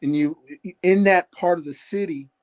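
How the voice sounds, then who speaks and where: A man's voice: sits high, normal speed. A man on a call telling a long personal story in a rambling way, with many fillers and restarts. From Phoenix area. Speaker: caller sharing a sighting. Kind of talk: casual storytelling. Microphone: phone on a call.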